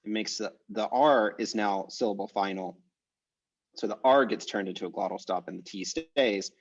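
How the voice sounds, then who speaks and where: Male teacher, casual think-aloud delivery, lowish voice, muffled video call sound. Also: moderate pace. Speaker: language teacher. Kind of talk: online class teaching.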